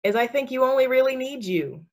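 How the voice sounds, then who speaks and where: A woman's voice: high voice, expressive, brisk, darkish tone. A woman talking casually about spiritual matters, chatty and sassy with lots of fillers and frequent laughter. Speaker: spiritual speaker. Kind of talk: casual podcast chat.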